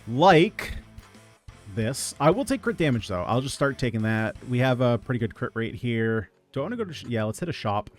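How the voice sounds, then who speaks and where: A man giving casual gameplay commentary, reading out item picks in a relaxed running patter. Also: medium pitch, normal speed, soft background music. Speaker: gaming video creator.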